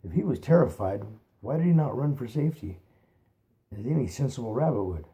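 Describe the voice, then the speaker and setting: A man reads a novel aloud in a relaxed, amateur way, backing up to correct his stumbles. His voice is mellow and warm, at a middle pitch for a man. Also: brisk. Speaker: reader.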